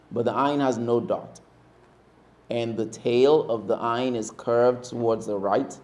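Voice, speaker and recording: A man teaching Arabic letters in a mosque class, calling out each letter loudly several times and then explaining it. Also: medium pitch. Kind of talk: slow letter-by-letter teaching drill.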